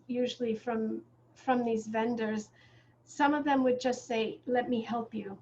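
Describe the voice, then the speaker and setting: A woman author, reflective and halting, telling a story in conversation with many fillers and restarts. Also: on the high side. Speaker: author guest in a bookstore conversation. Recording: muffled lo-fi recording with faint noise.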